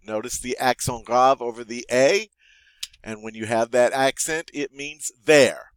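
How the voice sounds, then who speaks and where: Male French teacher, unhurried, lively pitch, repeats each word. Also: no echo. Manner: repeats each French word twice, then explains slowly. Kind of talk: vocabulary lesson.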